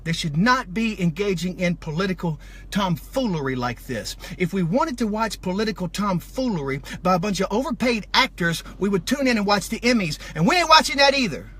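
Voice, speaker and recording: A man's voice: high-pitched, animated, normal speed, a bit bright, slightly rough. A man vlogger delivering an emotional, fired-up rant to camera, heated and repetitive.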